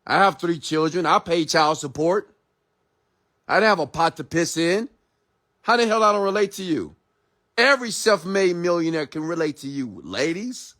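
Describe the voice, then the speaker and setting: A man's voice: a little high, animated, normal speed, fairly bright tone. A man who is an entrepreneur and mentor, delivering a blunt, profane, confrontational late-night motivational rant.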